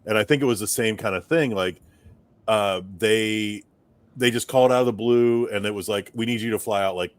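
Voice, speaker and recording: A man hosting a podcast, asking relaxed questions full of fillers. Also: fairly low pitch, normal speed, no room sound. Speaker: podcast host. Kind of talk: casual interview chat.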